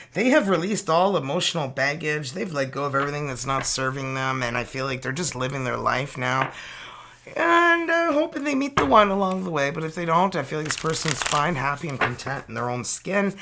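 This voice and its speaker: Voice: mid-range voice, gravelly, background noise. A tarot reader from Canada with a Canadian accent, giving a casual, playful and exclamatory reading that mixes in French card names.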